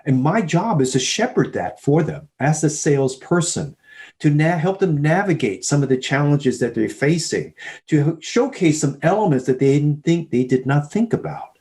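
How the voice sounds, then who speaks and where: A man's voice: a little high, normal speed. A man guest on a podcast, telling sales stories and acting out both sides of the conversations. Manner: animated storyteller, acts out both sides of dialogues. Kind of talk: storytelling in a podcast interview.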